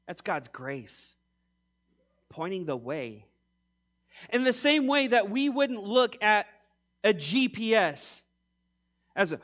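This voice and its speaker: A man in his forties preaching a sermon, emphatic, swinging between loud punchy lines and quiet low ones, acting out mock quotes with humor. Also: sing-song, slow, pauses often. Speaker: pastor.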